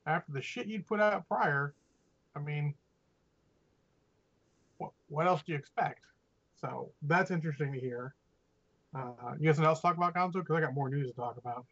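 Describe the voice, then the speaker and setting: Opinionated, swearing male podcast co-host; slightly high voice, muffled lo-fi recording. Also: moderate pace, long pauses, a bit bright. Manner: opinionated, profane, rambling. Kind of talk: casual chat. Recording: dull lo-fi audio.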